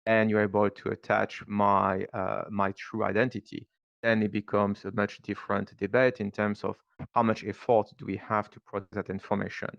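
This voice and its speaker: A man with a French accent speaking on a panel, pausing often with fillers as he works through his points. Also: on the low side, creaky, fairly bright tone, dry recording, muffled recording. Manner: thoughtful, halting, many fillers. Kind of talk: panel discussion.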